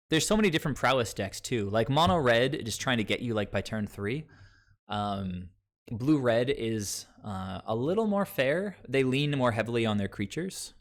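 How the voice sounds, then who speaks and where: This streamer from Long Island, New York, talks casually with his live audience in a rambling way, leaning heavily on um and like as fillers. He has a fairly low voice with vocal fry.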